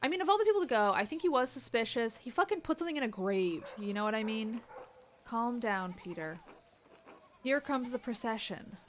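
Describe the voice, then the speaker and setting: Woman streamer, kinda high voice, nervous little reactions, reads the game lines out loud, soft hiss in the back. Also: expressive, a little fast. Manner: reactive, anxious exclamations while playing. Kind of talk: casual game commentary, reading dialogue aloud.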